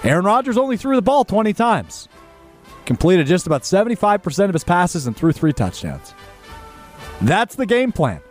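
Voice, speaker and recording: A man's voice: sits high, very animated, moderate pace, soft background music. A man hosting a sports radio show, talking in an emphatic, opinionated and conversational way.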